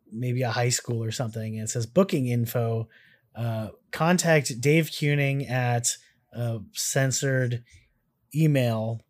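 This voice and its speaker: A man co-hosting a casual reaction show, talking in a laid-back and wry way. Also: medium pitch. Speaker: co-host.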